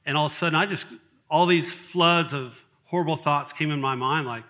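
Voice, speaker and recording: A middle-aged man sharing a personal testimony in an earnest, halting way, with frequent restarts. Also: a little high, bright, forceful tone. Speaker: church member giving testimony.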